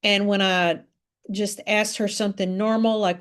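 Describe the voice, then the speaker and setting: A woman leading a webinar training session, telling stories calmly and gently, with frequent fillers. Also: medium pitch, moderate pace, smooth. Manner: gentle, calm storytelling with many fillers. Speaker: trainer on de-escalation.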